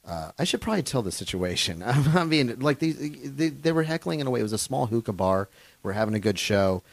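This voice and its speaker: A man's voice: mid-range voice, big pitch swings, fast talker, creaky, no echo. A man, a touring comedian, telling rambling, profane stage stories in a casual interview in a hotel room, full of fillers and restarts.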